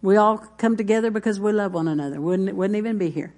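A woman's voice: medium pitch, quick pace, darkish tone. A middle-aged woman pastor, preaching a folksy sermon full of stories. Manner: folksy, storytelling, with congregation responses.

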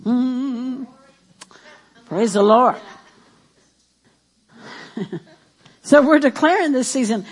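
A woman preacher with a high-pitched voice delivers a sermon. She is animated and emphatic, with playful asides and repeated declarations. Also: very slow, long pauses, husky.

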